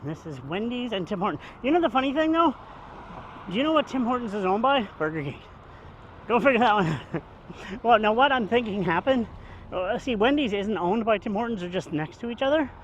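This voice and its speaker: A man with a fairly high voice talks into his phone as he walks along the street, rambling and cracking jokes. He sounds a little out of breath from the walk. A faint hum of traffic sits in the background. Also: expressive, a little fast, dull audio. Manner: rambling, chatty, jokey. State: out of breath from walking. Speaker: vlogger. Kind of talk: casual walking vlog. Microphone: handheld phone camera.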